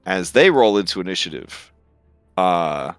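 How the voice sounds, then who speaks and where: Guy running a tabletop game, slow and halting, bright tone, faint music in the back. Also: deep voice, clear, resonant tone, dry recording. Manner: relaxed, hesitant, lots of fillers. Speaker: game master.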